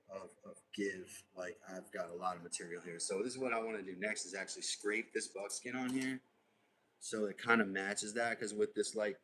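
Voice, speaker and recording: Man, lowish voice, live workshop stream host, unhurried, muttering to himself while working. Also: slight background noise, rough recording. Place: home workshop.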